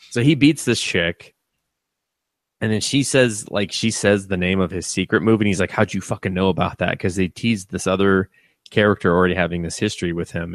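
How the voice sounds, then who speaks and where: Low-voiced man for casual podcast banter: profane, laughing, retells scenes with put-on quotes, dry close mic. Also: gravelly, no room sound. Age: adult with a young son. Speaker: podcast co-host. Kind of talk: casual anime review chat.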